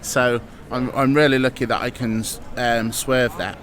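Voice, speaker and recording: A man's voice: medium pitch, fairly even intonation, a little slow, a bit bright. A man from England, an improviser and presenter, earnestly answering interview questions outdoors in a town.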